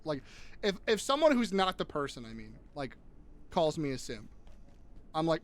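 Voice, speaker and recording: A young man with a high voice that swings widely in pitch, chatting casually on a game stream. He talks in a profane, animated way, going off on rants and often restarting mid-sentence. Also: normal speed. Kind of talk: casual live-stream chat while gaming.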